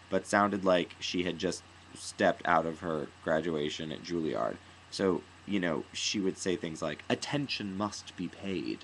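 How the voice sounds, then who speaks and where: A man with a notably deep voice talks through an opinionated theater review, rambling and restarting his sentences. He now and then acts out lines in an exaggerated voice. A faint hiss sits under the recording. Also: fairly bright tone, poor audio. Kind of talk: casual spoken review.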